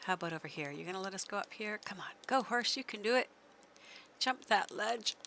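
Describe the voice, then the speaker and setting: A woman's voice: mid-range voice, expressive, a little fast, vocal fry, a bit bright. A woman streamer giving chatty live gameplay commentary, laughing often and coaxing her horse along.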